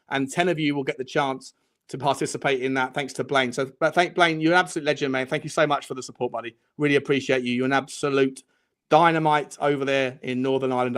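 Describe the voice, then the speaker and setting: Fast-talking, effusive male podcast host. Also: medium pitch. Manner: rapid, effusive shout-outs to supporters. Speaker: channel host. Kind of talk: casual fan podcast chat.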